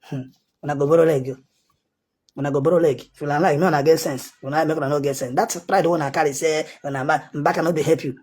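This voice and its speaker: A man's voice: on the high side, darkish tone, husky. A man with a Nigerian accent, a self-styled prophet, giving a heated, insistent commentary monologue that circles back on its points.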